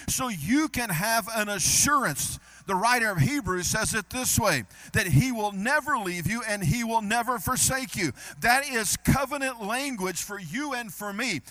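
High-voiced, bright preaching man. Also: dry recording. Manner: preaching with rising emphatic repetition. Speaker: pastor. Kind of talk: sermon.

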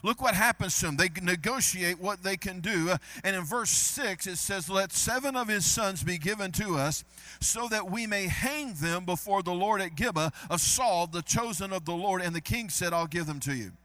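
A man preaching a sermon, building to loud emphatic repetition. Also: high-pitched, moderate pace, no echo. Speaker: pastor.

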